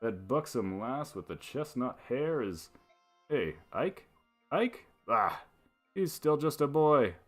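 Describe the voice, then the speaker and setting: A man's voice: medium pitch, sing-song, slow pace, soft background music. A man voicing a flirty, easygoing knight in a game with a playful, teasing manner.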